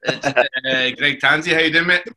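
A man hosts a football podcast with a very bright, forward tone that sits a little high. He keeps the chat loose and jokey, swears without a second thought, and throws "mate" into nearly every line. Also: fairly even intonation, normal speed. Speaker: podcast host. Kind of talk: casual banter interview.

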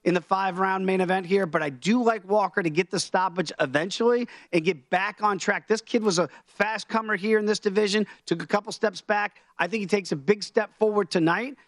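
A man's voice: sits high, fairly quick, hardly any pauses, fairly bright tone, no room sound. A man, a guest sports betting host, talking through his picks in a confident, chatty way.

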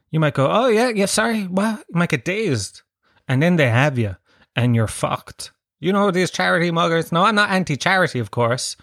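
A man's voice: medium pitch, dry recording, studio quality. An Irish man hosting a podcast, telling self-mocking comic stories with plenty of swearing. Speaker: podcast host. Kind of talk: solo comic storytelling.

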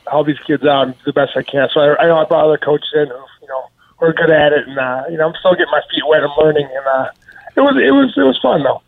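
Man, phone call, tinny narrow sound, quick relaxed answers. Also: fairly high pitch. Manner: relaxed, filler-heavy answers. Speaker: caller, athlete guest. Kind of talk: casual phone interview.

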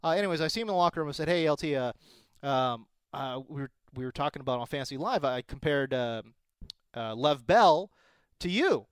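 A man's voice: on the high side, fairly quick, smooth, no echo, clean studio sound. A man co-hosting a sports podcast, telling stories in casual chat with lots of exclamations. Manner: animated storyteller, exclamatory. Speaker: podcast co-host.

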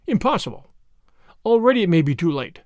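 A man doing a snarling, excitable conspirator. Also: high-pitched, brisk, no echo, clean studio sound. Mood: agitated. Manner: agitated, snarling, suspicious. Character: excitable, menacing male conspirator.

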